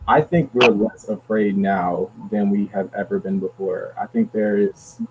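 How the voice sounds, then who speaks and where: Cautious young man, lowish voice, faint noise. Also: a little slow. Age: young adult. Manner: cautious, hedging his words. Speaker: panelist. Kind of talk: panel discussion answer.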